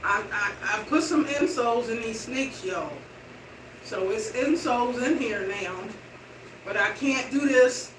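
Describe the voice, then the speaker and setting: A middle-aged woman vlogging in casual chat to her viewers while slowly walking and exercising indoors. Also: a little high. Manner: chatty, slow walking while talking. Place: indoor room with hardwood floor. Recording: roomy, distant and noisy room sound.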